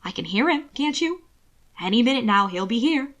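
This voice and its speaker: A woman's voice: fairly high pitch, lively intonation, moderate pace, fairly bright tone. A woman voicing a creepy, unstable young man who speaks with breathless, unsettling menace. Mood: menacing.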